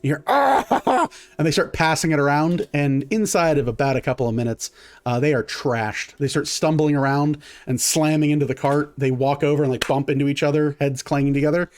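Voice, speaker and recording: A man's voice: on the high side, steady tone, brisk, no room sound. A man, narrating a tabletop game as game master in a casual, rambling way with many fillers.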